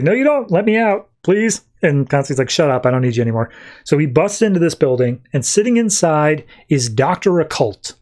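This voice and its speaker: A man's voice: mid-range voice, a little mellow. A man hosting a podcast, casually retelling a comic story and paraphrasing the characters' lines as he goes. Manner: retells scenes with quick paraphrased dialogue. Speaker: podcast host. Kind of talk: casual comic book recap.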